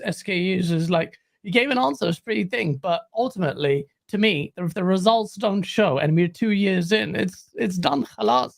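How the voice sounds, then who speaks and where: Gravelly, measured man talking games. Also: high voice. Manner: earnest, analytical, measured. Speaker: podcast guest, games writer. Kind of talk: casual gaming podcast chat.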